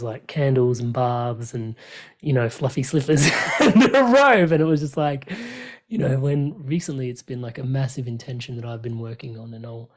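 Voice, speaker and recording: A man talks through personal experience in an open, earnest way. His voice is dark and mellow, and he often restarts his sentences and fills pauses with "you know" and "like." It sounds like a relaxed conversation between friends. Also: medium pitch. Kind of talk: reflective conversational chat.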